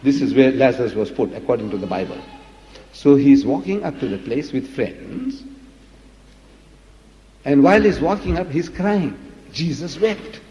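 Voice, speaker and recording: A man's voice: mid-range voice, animated, moderate pace, long pauses, warm tone, a little hiss or hum. A man giving a religious lecture in an emphatic, dramatic way, full of rhetorical questions. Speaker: preacher. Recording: dull lo-fi recording in a reverberant hall.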